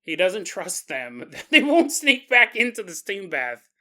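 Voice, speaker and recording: As a podcast host, a man with a fairly high, bright voice narrates a paranormal tale at an unhurried pace. He's casual and energetic, chuckling and throwing in asides to the listener.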